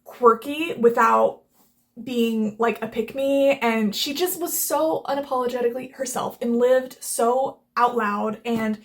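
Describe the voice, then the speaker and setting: A young woman chats casually as she reviews a book and its movie. Her voice sits a little high, and she rambles and gushes with plenty of filler words, slipping into the characters' lines as she retells scenes. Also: unhurried. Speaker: book reviewer and channel host. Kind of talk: casual chat.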